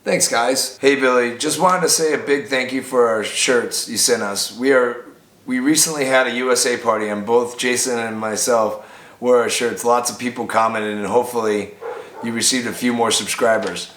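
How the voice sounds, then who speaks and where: Excitable chatty man opening mail. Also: mid-range voice, normal speed. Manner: chatty, easily excited, loud outbursts. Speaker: bar owner and vlogger. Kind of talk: casual mail-opening vlog. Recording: echoey room, faint background noise.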